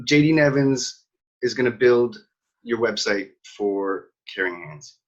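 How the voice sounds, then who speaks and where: Guy hosting a chat, lots of um and restarts, kinda muffled lo-fi audio. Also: medium pitch. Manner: halting, full of restarts and fillers. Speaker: host. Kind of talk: casual interview.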